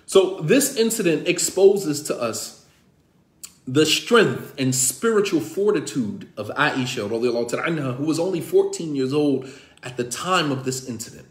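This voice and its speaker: High-voiced man, imam giving a fired-up class lecture, keeps repeating himself, roomy echo. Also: expressive, moderate pace. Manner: emphatic, repetitive, rhetorical questions. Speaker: imam and teacher. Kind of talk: impassioned religious class lecture.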